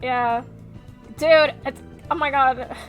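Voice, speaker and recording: A woman streaming as she draws, chatting casually with her viewers, animated and quick to swear. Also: sits high, soft background music. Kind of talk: casual chat while drawing on stream.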